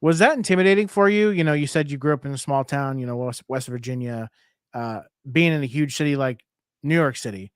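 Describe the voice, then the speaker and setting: A man co-hosting a casual podcast, tossing in quick teasing questions and laughing often. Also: medium pitch, smooth, no room sound, studio quality. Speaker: podcast co-host.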